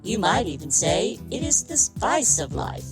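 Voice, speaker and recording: A woman's voice: medium pitch, big pitch swings, unhurried, low-quality recording. A woman playing an upbeat announcer reading a mock sponsor commercial in an audio drama, salesy and enthusiastic. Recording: announcer over loud music.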